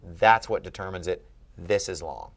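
Low-voiced man tutoring Greek grammar. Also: moderate pace, a bit bright. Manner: patient, questioning, emphatic on key points. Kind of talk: one-on-one Greek grammar lesson.

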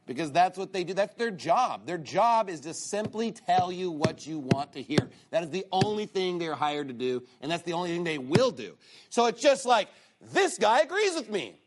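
A male preacher giving a sermon, mocking and sarcastic, swinging between loud outbursts and low asides. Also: animated, normal speed, noisy background.

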